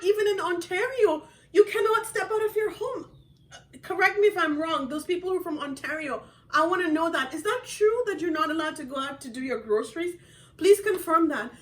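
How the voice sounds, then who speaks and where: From her home, a woman author streams a motivational live video in a high, somewhat bright voice. The recording is rough and distant, and she laughs frequently while candidly and earnestly sharing her own feelings.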